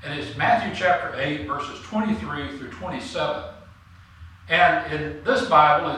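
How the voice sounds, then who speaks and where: A man preaching a sermon, with a fairly high, bright and forceful voice. He talks earnestly and pushes hard on the key points. The room echoes heavily and the mic sits some way off. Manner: earnest, rising to emphatic for scripture and key points. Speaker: pastor. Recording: roomy echo, mic at a distance.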